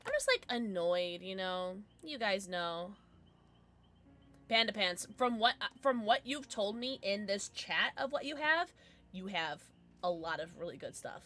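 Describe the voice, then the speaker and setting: A young woman chats casually to her live-stream audience from a home setup, gushing and chatty. Her voice swings widely in pitch and has a bright, crisp edge. She is close on a desk microphone. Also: sing-song, a little slow. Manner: bubbly, chatty, gushing at chat with sudden squeals.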